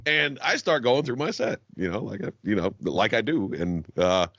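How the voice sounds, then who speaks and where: Lively, profane male comedian host. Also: normal speed, gravelly, no echo, dull audio. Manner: profane storytelling, laughs often, lively swings in pitch. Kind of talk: casual podcast banter.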